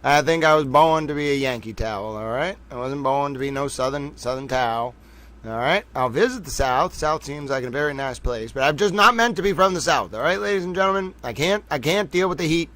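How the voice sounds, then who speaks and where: A man hosting a casual live stream, joking loudly with his chat and drawing out playful asides. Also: a little high, lively intonation. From United States. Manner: jokey, loud, drawn-out playful asides. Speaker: livestream host. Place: home studio in Boston.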